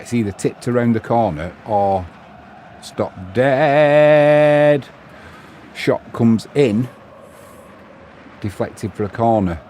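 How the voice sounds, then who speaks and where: A man's voice: on the low side, dark tone, slight background noise. A man giving live football commentary on his own, mixing play-by-play with opinionated chatty asides and replies to viewers. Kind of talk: live solo match commentary while reading viewer chat.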